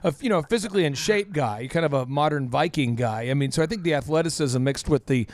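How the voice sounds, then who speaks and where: A man hosting an interview, talking quickly with many restarts and repeated words. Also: fairly high pitch, no room sound. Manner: rapid, stumbling, repeats words. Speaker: host. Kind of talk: casual interview chat.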